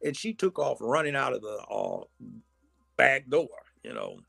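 A gravelly-voiced man spins a casual story and acts out what each person said. The sound is dry and close. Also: medium pitch, measured pace, dry recording, faint music behind. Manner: animated storyteller acting out quotes. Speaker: guest storyteller. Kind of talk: casual anecdote telling.

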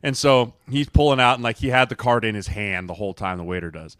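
A man's voice: mid-range voice, expressive, fast talker, fairly bright tone, clear, resonant tone, dry recording, clean studio sound. A man co-hosting a football podcast, telling a team dinner story in casual chat with mocking quoted lines. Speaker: podcast co-host, former NFL lineman.

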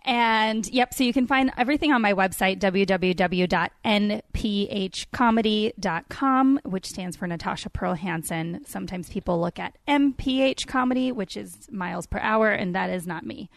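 A woman's voice: mid-range voice, normal speed, creaky, hardly any pauses, no room sound, studio quality. A woman comedian guesting on a podcast, chatty and giggly as she plugs her shows. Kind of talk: casual chat. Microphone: podcast mic.

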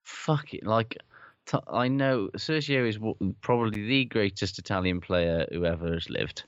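Brief: low-voiced blunt co-host, swears freely, dry muffled lo-fi recording. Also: male voice, moderate pace, clear, resonant tone, dry recording. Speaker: podcast co-host. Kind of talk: casual chat about rugby. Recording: dull, dry lo-fi sound.

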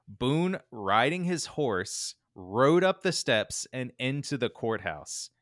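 A man co-hosting a podcast, telling a true-crime story in a laid-back, animated way with lots of fillers. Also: medium pitch, takes it slowly, no room sound, clean studio sound. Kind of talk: casual storytelling chat.

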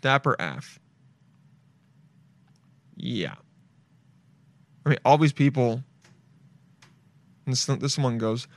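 A man's voice: mid-range voice, expressive, slow pace, pauses often, no echo. A man hosting his own show alone, chatting casually in a loose, rambling way with lots of swearing and playful asides. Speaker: podcast host. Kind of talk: casual solo show chat.

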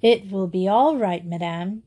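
A woman's voice: mid-range voice, a little slow, mellow, close to an everyday voice. Woman doing a serious, polite schoolgirl. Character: serious, well-mannered schoolgirl.

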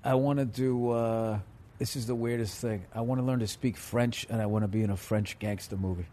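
A man's voice: mid-range voice, fairly even intonation, brisk, mellow. A middle-aged man with a Boston accent talks in loose, rambling stories, peppered with swearing. His voice sits in an ordinary middle register. Behind him there's a faint hum of room ambience. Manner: rambling storyteller, swears freely. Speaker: guest comedian. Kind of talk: casual podcast chat.

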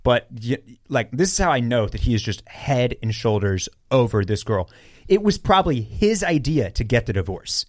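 Brief: mid-pitched man, chatty co-host, stumbles and restarts often. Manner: animated, halting restarts, lots of "like". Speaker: podcast co-host. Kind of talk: casual podcast chat.

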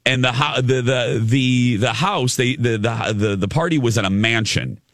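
A man telling a story in casual conversation, lively, with frequent restarts. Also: mid-range voice, moderate pace, no room sound, clean studio sound. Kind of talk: casual anecdote.

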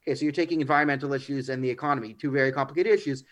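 A man giving political commentary as a guest on a radio talk show, animated and now and then mimicking politicians. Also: medium pitch, racing.

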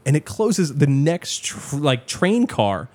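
A young man telling a story in casual chat, animated and swearing often, acting out other people's lines. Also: a little high, slow.

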